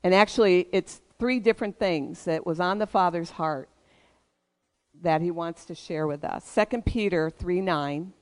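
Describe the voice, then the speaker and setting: A pastor delivers a sermon with emphatic, preaching cadences. The voice is clear and resonant, sitting in an ordinary middle pitch. The pastor calls for responses from the congregation. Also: measured pace.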